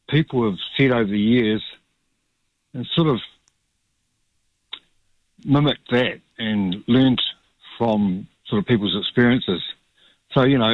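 A man with a New Zealand accent calling in to talkback radio, speaking haltingly with many ums. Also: mid-range voice, no room sound. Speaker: caller. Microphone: phone line. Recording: dull phone line.

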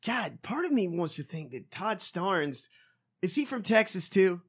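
A man co-hosting a podcast in casual chat, swearing freely and reacting quickly. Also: high voice, very animated, slightly rough. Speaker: podcast co-host.

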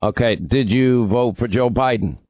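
A man's voice: medium pitch, normal speed, darkish tone, no echo. Male radio host, combative, needling, dry close mic. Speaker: radio talk show host. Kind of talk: call-in talk radio.

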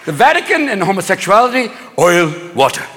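High-voiced animated male comedian. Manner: rapid, profane, jumping into impressions. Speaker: stand-up comedian. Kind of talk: stand-up comedy set. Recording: live hall with crowd laughter and noise.

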